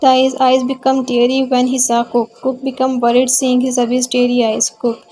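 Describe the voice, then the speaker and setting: A woman reading a romantic fan fiction story aloud, with halting restarts and slips in her phrasing. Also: a little high, completely flat delivery, warm tone, slight background noise, rough recording.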